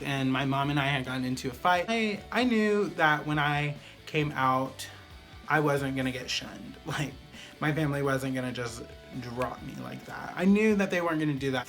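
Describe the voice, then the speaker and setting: A man's voice: a little high, fairly bright tone. A man vlogger telling a personal story in a casual, chatty way, full of fillers like "like" and "pretty much".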